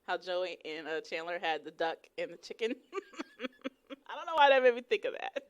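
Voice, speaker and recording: A woman's voice: on the low side, sing-song, moderate pace. A woman co-hosting a casual sports podcast, playful and giggly, peppering her co-host with questions. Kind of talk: casual chat.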